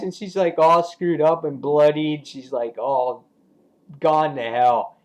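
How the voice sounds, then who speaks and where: A man casually reviewing a comic book, retelling the story with excitement and acting out the characters' lines in a raised voice. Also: fairly high pitch, unhurried.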